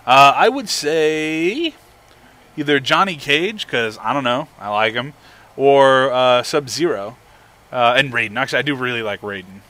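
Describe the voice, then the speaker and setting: A man's voice: mid-range voice, animated, measured pace, bright, forceful tone. A young man hosting a casual live stream, cheerfully reading viewer messages aloud and chatting. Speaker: livestream host.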